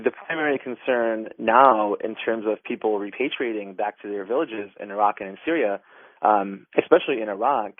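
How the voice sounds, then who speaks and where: A man's voice: lowish voice, no echo. A man giving a radio interview by phone as an advocacy group director, earnest and full of fillers and restarts. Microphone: telephone. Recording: tinny phone line.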